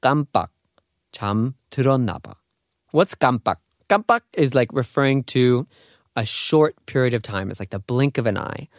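A man's voice: mid-range voice, animated, quick pace, dry recording, studio quality. A man hosting a radio language lesson in an upbeat, casual, chatty way. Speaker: radio host and Korean teacher. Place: radio studio.

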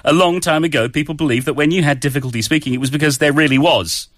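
A man's voice: a little high, fast talker, a bit bright, no room sound, studio quality. A man co-hosting a casual chat about English idioms, easygoing and joking as he tells word origins. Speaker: co-host.

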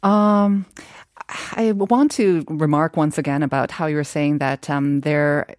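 A thoughtful woman talking through a topic in a relaxed discussion. Her voice sits a little low and sounds close and dry. She pauses often and picks her words with care. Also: dry recording. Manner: thoughtful, measured, frequent fillers. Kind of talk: casual discussion.

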